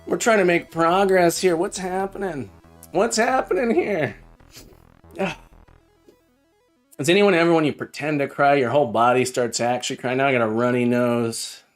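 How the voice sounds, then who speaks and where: A man's voice: on the high side, normal speed, faint music behind. A man live-streaming while he codes, chatting casually and thinking aloud as he debugs, with a self-mocking manner.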